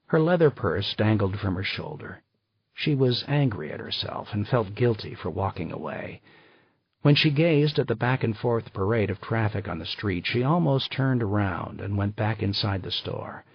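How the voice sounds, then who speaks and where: A man reading an audiobook in scripted narration, measured and unhurried. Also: on the low side, vocal fry, breathy edge, no room sound. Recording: dull lo-fi dry recording.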